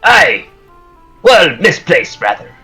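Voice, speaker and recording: A man's voice: fairly high pitch, very animated, slow pace, sharp tone, faint music behind, voice pushed up, heavily acted, poor audio. A man voicing a swaggering, one-handed old pirate captain in a tabletop game, boastful and bluffing. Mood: breezy. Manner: boastful, bluffing, folksy sailor talk.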